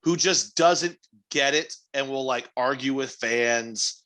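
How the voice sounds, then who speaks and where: A man's voice: medium pitch, slow pace, sharp tone. A man co-hosting a podcast in casual banter, teasing and sarcastic. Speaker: podcast co-host.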